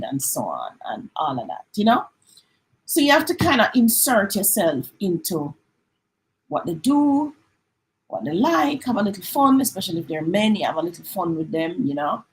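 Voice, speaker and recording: A middle-aged woman with a Jamaican accent talks casually on a live stream. She acts out quick exchanges and drifts between standard English and patois. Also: mid-range voice, very animated, rough recording. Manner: chatty, mixes in patois, acts out little dialogues.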